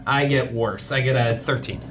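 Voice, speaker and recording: A man's voice: medium pitch, fairly even intonation, normal speed, music in the background. A man playing a tabletop game, playful, often laughing and exclaiming. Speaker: player.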